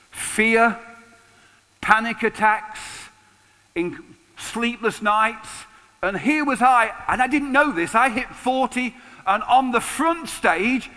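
A man in his sixties preaching in a large hall, his high, bright voice trailing a long reverb. He keeps the sermon conversational and lively, with touches of humor. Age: 60s. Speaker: pastor.

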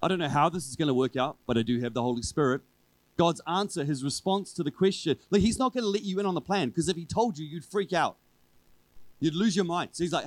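A man preaching a sermon to his church in a relaxed, conversational way, driving his points home with repeated refrains. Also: on the high side, quick pace, dry recording, rough recording. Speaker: pastor. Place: church service with a congregation.

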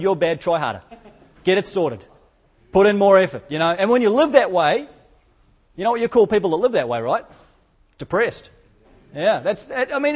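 A man preaching a sermon, conversational, full of rhetorical questions and quick self-corrections. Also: high-pitched. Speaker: pastor.

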